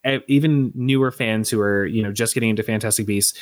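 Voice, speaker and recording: A man's voice: on the low side, quick pace, no echo, clean studio sound. A man co-hosting a podcast, talking earnestly in casual chat with frequent restarts. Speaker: podcast co-host and charity organizer.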